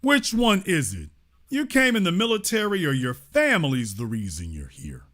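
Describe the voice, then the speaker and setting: A man hosting a heated call-in show, speaking with a Louisiana accent. His voice is bright and his pitch jumps around a lot as he hammers a caller with repeated questions and insults. He stays confrontational throughout. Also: wildly swooping pitch, normal speed. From Shreveport, Louisiana. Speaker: show host.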